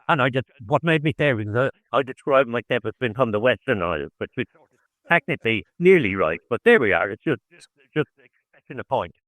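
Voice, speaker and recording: An Irish man on a podcast, rambling through anecdotes as a guest in a relaxed chat. His voice sits in the middle register and sounds dry and close, with little room around it. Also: mid-range voice, brisk, no echo. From Ireland (Howth). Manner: meandering anecdotal storytelling with frequent restarts. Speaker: guest, fisherman turned distiller. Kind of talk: casual conversation.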